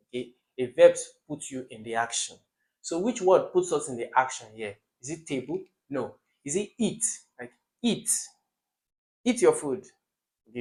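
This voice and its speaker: A young man, teaching an exam-prep lesson for children. He asks questions and answers them himself, and he jumps to loud emphasis on key words. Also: mid-range voice.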